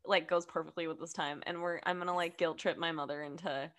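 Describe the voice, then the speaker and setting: A young woman co-hosting a podcast, chatty and quick to laugh, with lots of fillers. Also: low voice, fairly even intonation, a bit bright. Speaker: podcast co-host. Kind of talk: casual chat.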